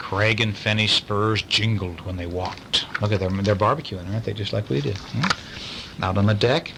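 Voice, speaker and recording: A man gently reading a picture book aloud to a child at home, pausing for chatty asides. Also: lowish voice, vocal fry, a little hiss or hum. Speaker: parent reading a bedtime story.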